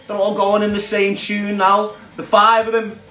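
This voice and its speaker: A man's voice: high-pitched, completely flat delivery, normal speed, bright, forceful tone. A man with a Scouse accent ranting casually to viewers, sweary and mocking, laughing at his own jokes. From Liverpool, England. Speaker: online commentator.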